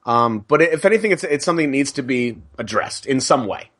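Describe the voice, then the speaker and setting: A man on a podcast, making his case in an earnest, explanatory way. His voice sits at an ordinary middle pitch, and he backs up his points with numbers. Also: animated, a little fast, fairly bright tone. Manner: earnest, explanatory, cites statistics. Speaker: podcast co-host. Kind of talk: casual podcast discussion.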